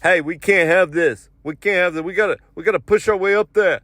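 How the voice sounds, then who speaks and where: A man's voice: high-pitched, brisk, no echo, studio quality. A man putting on the voice of an impatient, pushy man with a New York accent, urgent and repeating himself.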